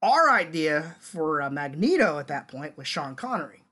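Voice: mid-range voice, sing-song, normal speed, sharp tone, slightly rough. A podcast co-host in their forties, chatting casually and laughing often. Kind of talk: casual chat.

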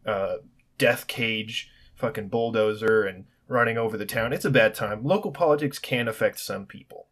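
A young man ranting alone on his podcast, sarcastic and profane, rambling with restarts. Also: fairly low pitch. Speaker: podcast host. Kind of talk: solo podcast rant.

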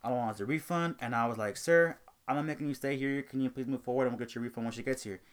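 A young man hosting a casual talk show, telling an animated story about a rude customer and acting out both sides of the argument. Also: mid-range voice, fast talker, clear, resonant tone. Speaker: host.

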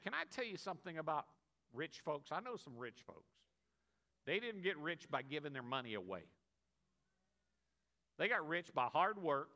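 Bright-voiced preaching man. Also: fairly high pitch. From United States. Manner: emphatic preaching, repeated "amen" calls. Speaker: pastor. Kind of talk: sermon.

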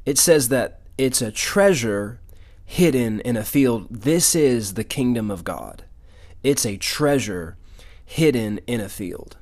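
A man's voice: mid-range voice, lively intonation, takes it slowly, a little mellow. A man preaching a sermon, reading scripture aloud and explaining it with emphatic asides and frequent repeated words.

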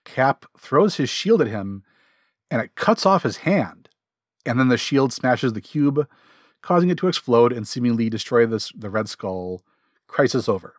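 A man co-hosting a comics podcast, talking quickly and often breaking off and restarting his sentences. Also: mid-range voice, big pitch swings, no room sound, clean studio sound. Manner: quick, self-interrupting, repeats words. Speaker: podcast co-host. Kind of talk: casual chat about comics.

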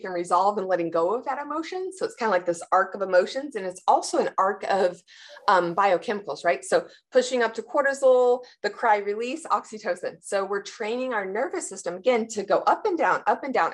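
An animated woman talks casually in an interview about her work with athletes. She often slips into her clients' voices and laughs as she explains. Her pitch sits in a middle range for a woman. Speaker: sports performance practitioner.

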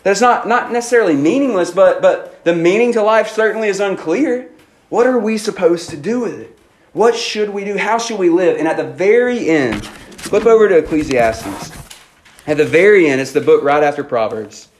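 A youth pastor with a fairly high voice preaches in an easy, conversational way, restarting his sentences and sprinkling in "like" and "man". The sound is echoey, as in a church hall, with faint room noise underneath. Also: animated. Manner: casual and conversational, with frequent "like" and "man" and quick restarts. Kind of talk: lively youth sermon.

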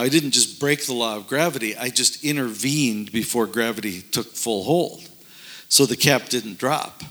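A man's voice: medium pitch, sharp tone. A man speaking earnestly in casual discussion about faith and miracles, telling a story with many fillers and restarts.

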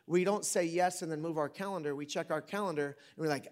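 A middle-aged man preaching a sermon in a conversational, joking way, with sudden loud bursts. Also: on the high side, fast talker. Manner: conversational and joking, with big dynamic swings. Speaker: pastor.

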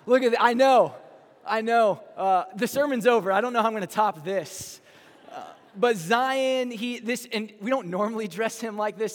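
A man's voice: high-pitched, a bit bright. A young man from Texas with a Texan accent, preaching a chatty, earnest sermon as a campus pastor, often restarting his phrases. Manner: earnest and chatty, with many false starts and repeated words. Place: large hall. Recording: live hall with long reverb.

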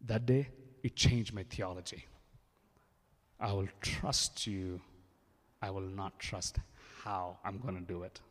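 A pastor with a deep, steady voice preaches slowly, sharing testimony with emphasis and acting out quoted dialogue. He's recorded in an echoey hall with long reverb.

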